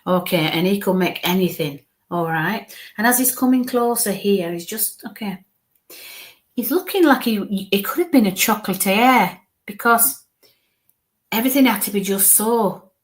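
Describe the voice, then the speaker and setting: Hushed, halting woman medium. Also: medium pitch, animated. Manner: halting, coaxing, murmurs soft asides. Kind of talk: live spirit reading.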